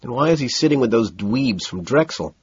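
A man voicing an eager, loud young businessman, on a dull lo-fi recording. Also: mid-range voice, expressive, a little fast, breathy edge, no room sound.

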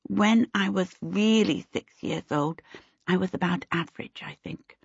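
Brief: woman playing a composed, precocious little boy for a storybook, soft-spoken, lo-fi sound. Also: fairly low pitch, a little slow, gravelly, slightly rough, no room sound, heavily acted. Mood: cool, matter-of-fact. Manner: polite and composed. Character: calm, oddly grown-up small boy. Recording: dull lo-fi audiobook recording.

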